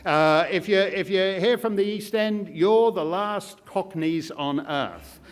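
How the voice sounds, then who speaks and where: A man's voice: sits high, slow. A man giving a keynote speech in an auditorium, with a sardonic, jokey delivery. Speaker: keynote speaker. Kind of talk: public speech.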